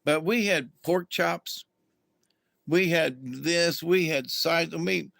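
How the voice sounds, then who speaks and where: A man's voice: fairly high pitch, slow pace, vocal fry, fairly bright tone, dry recording. A middle-aged man, telling a rambling, folksy story as a livestream host and greeting viewers along the way. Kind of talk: casual storytelling to a live chat.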